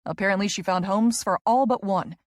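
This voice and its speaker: A woman reading a romance audiobook in the first person, close to the mic in a dry, dead room. Her voice sits at an ordinary middle pitch, and her delivery is intimate and emotional. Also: a little fast, no room sound. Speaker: audiobook narrator.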